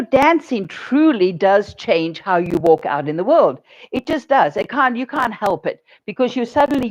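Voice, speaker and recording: A woman minister giving a sermon, telling stories in an animated way and laughing often. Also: medium pitch, muffled recording.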